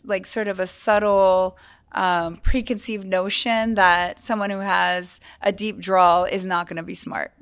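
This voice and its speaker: A middle-aged woman from California co-hosting a podcast in casual chat, an animated storyteller who acts out the people she quotes. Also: medium pitch. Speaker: podcast co-host.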